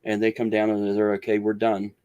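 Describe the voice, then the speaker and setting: A man's voice: on the low side, monotone, brisk, mellow, highs cut off. A man telling a long story as a guest in an interview, rambling with many restarts and acting out what others said. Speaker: guest researcher.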